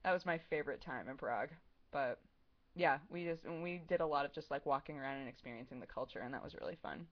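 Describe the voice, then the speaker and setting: A woman's voice: rumbling low, quick pace. A young woman in her twenties chatting casually on a livestream, answering viewer questions in a rambling, giggly way full of "like" and "um". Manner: rambling, giggly, heavy use of "like" and "um". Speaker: streamer answering chat questions. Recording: dull lo-fi stream audio.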